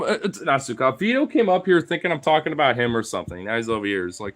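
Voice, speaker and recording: A man's voice: medium pitch, animated, quick pace, few pauses, a bit bright. Rambling man chatting casually. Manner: rambling, filler-heavy, talks to his dogs. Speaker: vlogger. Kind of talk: casual chat to camera.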